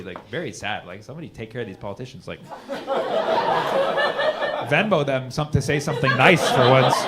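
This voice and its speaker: A man doing a stand-up comedy set in a rambling, ironic way, full of "like" and "you know", recorded live on a comedy club stage with audience noise. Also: medium pitch.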